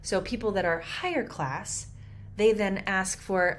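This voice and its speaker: A woman coaching actors through an audition monologue in a chatty, animated way, clearly fond of the material. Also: mid-range voice, a little slow, slight background noise. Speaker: acting coach.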